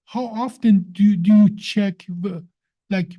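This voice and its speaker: A woman's voice: mid-range voice, fairly even intonation, takes it slowly, dull audio. A woman explaining how the brain works in a conversation, in an emphatic, teacherly way, often putting questions to the listener. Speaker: science guest explaining the brain.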